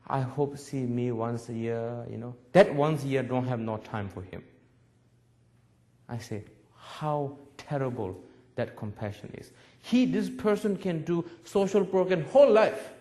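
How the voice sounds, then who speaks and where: A man's voice: medium pitch, darkish tone. A man in his forties, a Buddhist teacher giving a public talk in broken English, telling stories and laughing often. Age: 40s. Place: webcast lecture.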